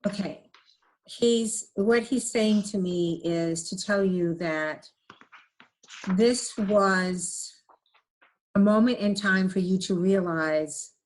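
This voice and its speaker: Earnest woman gently relaying messages. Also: fairly low pitch. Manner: earnest, gentle, relays words with many "he says". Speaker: medium. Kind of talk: casual chat, relaying messages.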